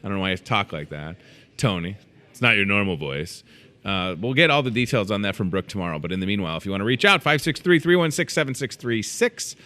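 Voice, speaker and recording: Bright-voiced, chatty male show host. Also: fairly low pitch, fast. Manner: chatty, excitable, joking asides. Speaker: store morning show host. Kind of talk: casual live show chat. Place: inside a grocery store.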